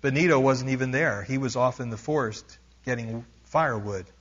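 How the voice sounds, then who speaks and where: A male preacher reads a dramatic story from a book to his congregation. His voice sits at a middling pitch and grows louder as the tension builds. The recording is dull and lo-fi. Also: normal speed, breathy edge. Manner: reads aloud with rising intensity, stops to explain asides. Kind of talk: sermon reading a missionary book aloud.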